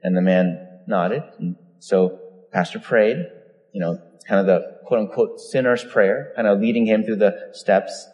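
A man's voice: on the low side, unhurried. A man preaching a sermon, telling stories and acting out the voices he quotes. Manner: storytelling, animated, acts out quoted voices. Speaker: pastor. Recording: long reverb of a large hall.

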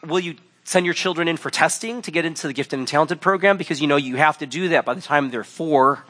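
Male pastor, 30s, bright higher voice, wry conversational sermon delivery. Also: fast talker. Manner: conversational, wry storytelling with acted quotes.

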